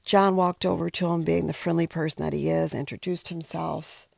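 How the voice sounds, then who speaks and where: A middle-aged woman narrating a personal story in a reflective, emotional way, often pausing and sometimes dropping to a whisper. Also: sits low, fairly even intonation, creaky, a little mellow, no echo, studio quality. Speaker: podcast host telling a personal story.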